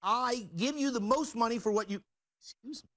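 A man making a boastful, rapid-fire sales pitch as a store owner guest on a TV talk show. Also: a bit bright.

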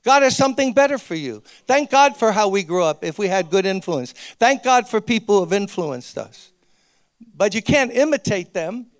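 Male pastor, conversational sermon, high voice, dry close sound. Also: big pitch swings, moderate pace, dry recording. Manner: earnest and conversational, with emphatic repeated appeals. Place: church, speaking to a gathering of ministers.

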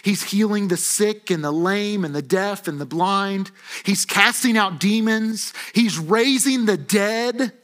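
High-voiced animated male preacher. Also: slow. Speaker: pastor. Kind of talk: sermon. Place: church auditorium.

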